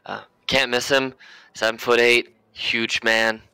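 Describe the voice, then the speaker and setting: A man doing a gruff, gravelly dwarf smith. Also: mid-range voice, level tone, takes it slowly, pushed and bright, slight background noise, pitched above the performer's own voice, heavily acted, rough recording. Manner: grunting, short clipped sentences. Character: gruff male dwarf blacksmith, curt and hardworking.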